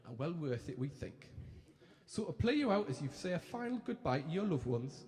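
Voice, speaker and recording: A man's comic stage impression sends up a pair of chirpy young male TV presenters, all Geordie accent and brash, sweary mock-cheer. His slightly high, a little mellow voice swings widely in pitch at a normal speed, and laughter echoes through the hall.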